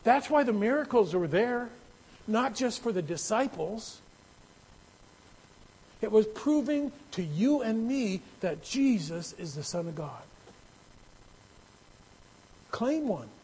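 A man's voice: high voice, very animated, slow, long pauses, darkish tone, breathy edge, low-quality recording. A man preaching a sermon in a conversational way that builds into emphatic, raised passages. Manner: conversational, rising to emphatic bursts. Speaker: pastor.

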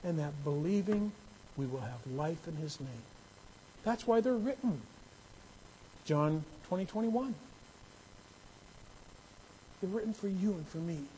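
A man's voice: on the high side, lively intonation, a little slow, long pauses, warm tone, slight background noise, low-quality recording. A man preaching a sermon in a conversational way that builds into emphatic, raised passages. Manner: conversational, rising to emphatic bursts. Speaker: pastor.

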